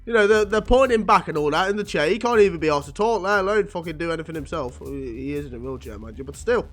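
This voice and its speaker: A man's voice: a little high, animated, quick pace, fairly bright tone, soft background music. Wisecracking man reading comics aloud. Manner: swearing, wisecracking asides. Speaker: comic book reader. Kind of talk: casual comic reading with commentary.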